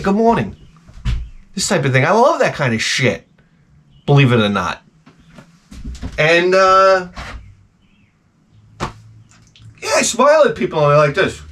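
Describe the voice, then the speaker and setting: A man's voice: sits high, a little hiss or hum. A man giving a profane, rambling comic rant to camera. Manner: profane, animated, jumps between tangents. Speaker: vlogger.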